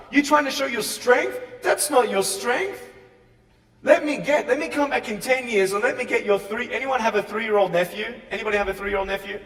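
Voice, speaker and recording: Australian man, animated speaker in an echoey hall. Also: very high-pitched. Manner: animated, swings from quiet to shouting. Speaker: motivational speaker. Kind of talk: motivational speech to a school audience. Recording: echoey hall, far from the mic.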